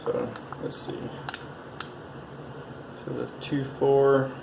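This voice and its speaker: A man giving a casual hands-on tutorial, talking in a halting, mumbling way as he works, recorded on a phone. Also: mid-range voice, sing-song, gravelly. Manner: mumbling, halting, thinking aloud. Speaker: tutorial presenter. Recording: faint background noise from phone recording.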